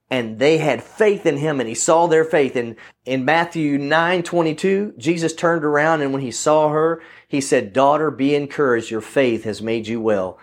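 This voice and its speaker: Fervent preaching man, fairly high voice. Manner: earnest, rising to emphatic questions, slowing on key lines; restarts and self-corrections. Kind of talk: sermon with scripture reading.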